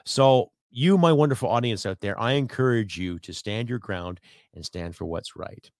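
A low-pitched man from Canada rants through his own podcast, blunt and salty, swearing freely as he rambles from point to point. His voice sits close and dry, with no room sound around it. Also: lively intonation, moderate pace, no echo. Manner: blunt, profane, rambling rant. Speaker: podcast host. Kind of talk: ranting solo podcast.

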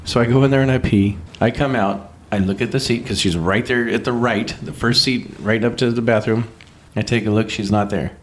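A middle-aged man co-hosting a podcast and telling a long personal story in an easygoing, profane way. His voice sits a little low, and he keeps breaking off mid-sentence and restarting as the story builds. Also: fairly quick, a little hiss or hum. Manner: animated, profane, self-interrupting storyteller. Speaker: podcast co-host. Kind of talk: casual storytelling.

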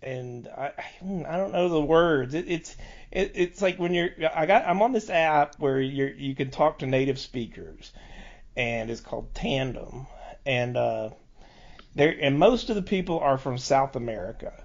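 A man's voice: medium pitch, expressive, normal speed. A man telling rambling stories in a casual podcast chat, stumbling and restarting often. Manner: rambling, stammering storyteller with frequent restarts. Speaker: podcast co-host. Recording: dull lo-fi podcast audio.

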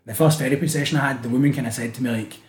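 A man's voice: mid-range voice, racing, echoey room. A man with a Scottish accent from the Glasgow area, a guest chatting casually on a podcast. He tells stories with energy, swears often and acts out what others said. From Scotland. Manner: animated storytelling, swears often, acts out quotes. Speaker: guest, street artist.

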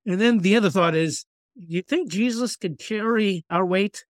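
Guy talking bible on a podcast, earnest, reads verses slow, dry mic. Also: sits high, no echo. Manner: earnest, animated, quotes scripture slowly. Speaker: guest author. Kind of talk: casual faith podcast chat.

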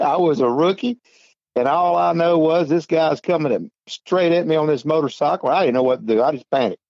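An older man with a Southern US accent, a former police officer who tells lively stories on a casual talk show, laughing often. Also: a little fast, creaky, no echo, dull audio. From North Carolina, US. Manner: animated, laughing, jumps high for quoted lines. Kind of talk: casual storytelling chat.

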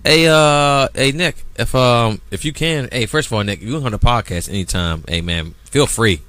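A man's voice: mid-range voice, expressive, normal speed, a bit bright, no room sound. Laid-back man hosting a podcast. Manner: laid-back, loose, many fillers. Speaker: podcast host. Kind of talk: casual podcast chat.

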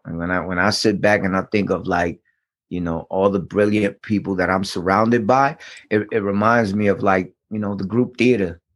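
A man telling stories in casual chat, animated and profane, acting out the voices of people in his anecdotes. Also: low-pitched, normal speed. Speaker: guest. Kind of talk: casual storytelling.

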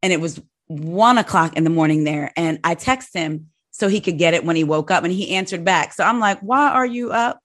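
A woman's voice: fairly low pitch, a little fast, hardly any pauses. A middle-aged woman hosting an interview, asking questions and sharing her own story as a parent. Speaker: host. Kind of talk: interview conversation.

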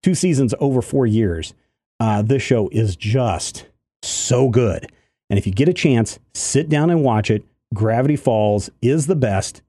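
A man's voice: mid-range voice, no echo, clean studio sound. A man co-hosting a casual chat, an easygoing father sharing a story. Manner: warm, easygoing dad telling an anecdote. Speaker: podcast co-host.

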